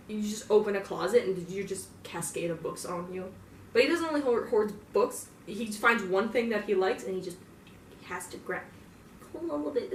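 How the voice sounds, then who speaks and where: A woman's voice: mid-range voice, slight background noise. A young woman in a casual, profane in-character monologue, rambling with lots of filler words. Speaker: fan roleplayer. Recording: roomy, distant mic, faint ambience.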